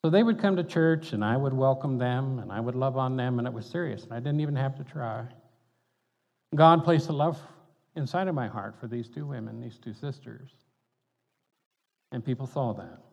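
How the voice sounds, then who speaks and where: A man's voice: medium pitch, lively intonation, normal speed, vocal fry, a little mellow. An older man, a pastor telling stories in a folksy, conversational sermon, chuckling between points. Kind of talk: storytelling sermon. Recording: dull reverberant hall sound.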